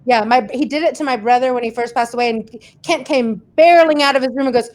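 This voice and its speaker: A woman's voice: sits high, fast talker, hardly any pauses. A woman hosting a casual livestream, chatting and reading viewer comments aloud, laughing often. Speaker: host reading viewer questions.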